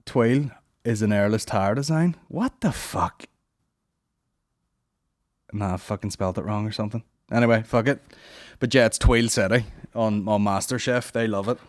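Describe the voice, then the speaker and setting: A man's voice: lowish voice, fairly quick, dry recording, studio quality. A young man hosting a comedy podcast, rambling and swearing in a casual monologue. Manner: rambling, profane, puts on silly voices.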